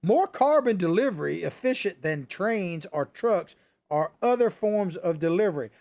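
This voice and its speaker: A man's voice: high-pitched, lively intonation, moderate pace, a little mellow. A male host delivering a sarcastic political commentary monologue, ranting and chuckling as he goes. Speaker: talk show host.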